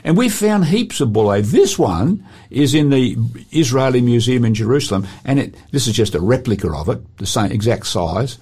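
A man, presenting a talk show and telling Bible stories with lively quoted voices. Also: mid-range voice, moderate pace, hardly any pauses, husky. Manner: animated storyteller acting out quotes.

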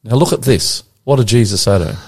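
A man's voice: medium pitch, fast talker, a little mellow, breathy edge. An Australian pastor leading a conversational Bible study, animatedly quizzing his co-host with questions.

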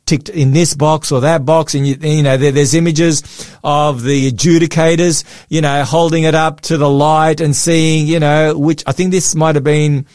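A man's voice: a little high, level tone, normal speed, hardly any pauses, a little mellow, dry recording, studio quality. A man co-hosting a casual Christian chat, rambling through stories with frequent restarts and fillers. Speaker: podcast co-host.

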